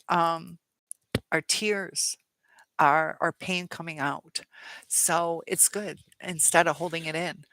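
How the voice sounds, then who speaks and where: Woman doing a live chat stream, reads comments out and chats back, gravelly edge, dry close sound. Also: low-pitched, fairly bright tone, no room sound. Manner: reads viewer comments aloud and responds, chatty with many fillers.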